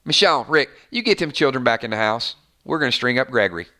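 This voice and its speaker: A man imitating a Southern woman survivor, slow and preachy, with a heavy Southern drawl. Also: mid-range voice, animated, pushed and bright, pitched below the performer's own voice. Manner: slow, drawn-out, moralizing.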